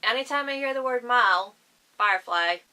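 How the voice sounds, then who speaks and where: A woman's voice: on the high side, normal speed, pushed and bright, clear, resonant tone, poor audio. A woman with a Northern Irish accent, chatting enthusiastically and rambling to camera about books. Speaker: book vlogger. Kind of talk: casual chat to camera.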